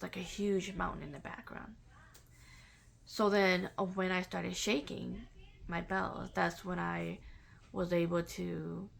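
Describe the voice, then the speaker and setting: A woman recounts a personal experience in a relaxed, unhurried way, pausing often and restarting her sentences. Her voice sits a little low and carries a strong rough, creaky texture. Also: a little hiss or hum. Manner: halting and reflective, with many fillers and restarts. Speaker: vlogger sharing a personal spiritual story. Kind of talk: casual personal storytelling.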